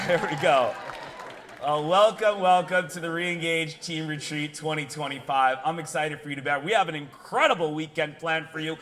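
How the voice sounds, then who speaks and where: A man opening a dental convention with a comic speech to a live audience, loud and punchy, reeling off jokey lists and laughing often. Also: on the high side, lively intonation, a little slow, long pauses. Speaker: conference host and keynote speaker. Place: large convention hall.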